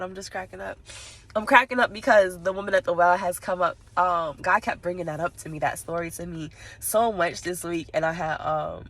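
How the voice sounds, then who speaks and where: A woman's voice: lowish voice, brisk, a bit bright, dry recording. A woman vlogging from inside her parked car, tearful and sniffling, rambling straight to her viewers and laughing through her tears. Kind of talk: casual vlog monologue.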